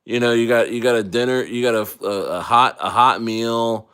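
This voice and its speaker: A man's voice: medium pitch, moderate pace, a bit bright, clear, resonant tone. A man chatting casually on a livestream, loose and rambling with jokes and restarts, a little tipsy from wine. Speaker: crypto livestreamer.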